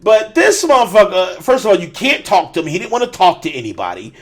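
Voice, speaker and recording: A man's voice: high-pitched, wildly swooping pitch, quick pace. A man hosting a podcast, ranting with a lot of swearing in casual chat. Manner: profane, ranting. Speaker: podcast host.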